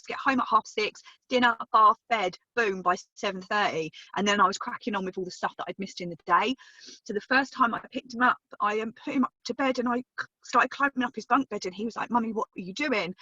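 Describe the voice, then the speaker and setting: A woman's voice: a little high, sharp tone, no room sound, dull audio. A woman in her thirties giving an emphatic, chatty testimonial on a video call, swearing casually as she tells her story. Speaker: business testimonial speaker. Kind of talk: motivational testimonial on a group call.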